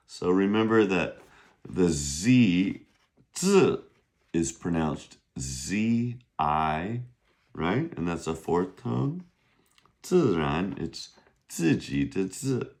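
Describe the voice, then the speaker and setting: Slow, deep-voiced man teaching Mandarin. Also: darkish tone. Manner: slow, patient, drawn-out pronunciation modeling; bursts of high pitch when modeling Chinese tones. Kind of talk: casual vocabulary lesson.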